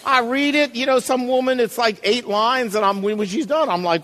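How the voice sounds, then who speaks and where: A man's voice: very high-pitched, normal speed, hardly any pauses, a bit bright, in a large hall. A male pastor preaching a sermon, emphatic and calling out to the congregation, at times reading a poem aloud with drama.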